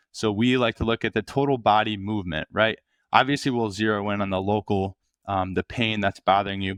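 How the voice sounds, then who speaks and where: Man with a low, smooth voice; relaxed, upbeat therapist explaining on a podcast. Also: dry recording, studio quality. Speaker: physical therapist guest. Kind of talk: casual podcast interview.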